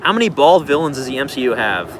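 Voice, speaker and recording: A man with an ordinary mid-range voice chats loosely through viewer questions on a livestream, drifting from thought to thought with plenty of filler words. His voice sits over a steady hiss of background noise. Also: medium pitch, quick pace. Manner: rambling, laid-back, loose filler words. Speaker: streamer answering viewer questions. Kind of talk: casual livestream Q&A.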